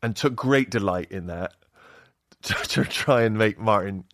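A man's voice: lowish voice, a little slow, a bit bright, dry recording. A man talking as a podcast guest, hesitant and wry, often correcting himself mid-sentence. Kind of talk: casual chat.

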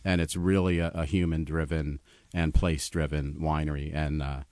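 A man's voice: rumbling low, level tone, moderate pace, a little mellow, no echo. A man talks as a sommelier guest on a radio show. He explains with knowledgeable enthusiasm. The sound is dry and close. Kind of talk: radio interview.

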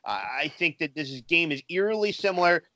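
A man co-hosting a sports betting show, talking through his pick in a measured way with frequent fillers. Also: a little high, sharp tone. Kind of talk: casual sports betting talk.

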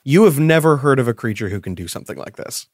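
A man running a tabletop role-playing game, narrating in a slow, hushed, dramatic way. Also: medium pitch, animated, no echo, clean studio sound. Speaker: game master.

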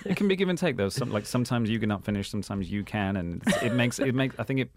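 A man co-hosting a comedy podcast, earnest and halting, often restarting his sentences. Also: medium pitch, expressive, a little hiss or hum. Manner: halting, self-correcting, earnest. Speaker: co-host. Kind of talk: casual comedy chat.

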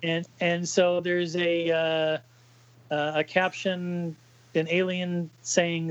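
A man co-hosting a podcast, recounting a comic book page by page in a casual, halting way with many fillers. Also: on the high side, flat delivery, clear, resonant tone, no room sound, highs cut off. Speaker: podcast co-host reading a comic aloud. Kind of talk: casual chat.

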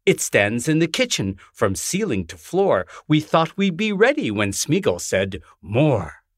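A man, the author, reading his rhyming children's book aloud in a gentle, lilting way. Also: a little high, sing-song, a little slow, no room sound, clean studio sound.

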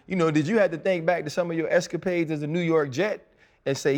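A man's voice: fairly high pitch, steady tone, fast, darkish tone, long reverb tail. A man co-hosting a podcast, asking teasing, rambling questions in casual chat. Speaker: podcast co-host.

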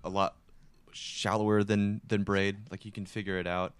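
Deep-voiced swearing gamer man. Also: normal speed, clear, resonant tone, no echo. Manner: animated storytelling, swears a lot, acts out reactions. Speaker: podcast co-host. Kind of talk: casual gaming chat.

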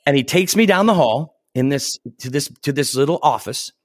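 A man's voice: on the high side, expressive, moderate pace, dry recording. A middle-aged man spins a long anecdote in an easy, chatty way. He laughs often and slips into the voices of the people he quotes. The sound is close and dry, with no room around it. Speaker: actor guest. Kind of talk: casual anecdotal storytelling.

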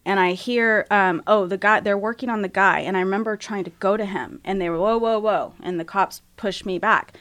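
Woman, middle-aged, interview guest, candid, animated retelling, medium pitch. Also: brisk, hardly any pauses, dry recording. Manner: candid, animated when retelling, acts out her own quoted thoughts. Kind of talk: personal storytelling in an interview.

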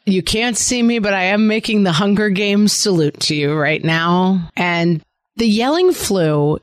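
A woman's voice: medium pitch, measured pace, dry recording. Chatty woman co-hosting a parenting podcast. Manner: chatty, animated, acts out her kids' voices. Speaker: podcast co-host. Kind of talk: casual chat.

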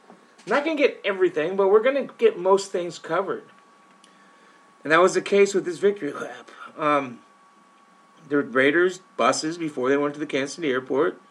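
An opinionated man hosts a sports podcast in a casual monologue, speaking straight to his listeners. His voice sits a bit high for a man, and he often restarts and repeats words as he pushes his points. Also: a bit bright. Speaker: podcast host covering a football team.

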